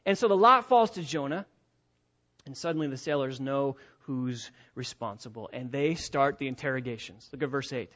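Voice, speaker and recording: A man preaching an expository sermon, emphatic and repetitive, swinging between loud and quiet. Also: medium pitch, normal speed, dull audio.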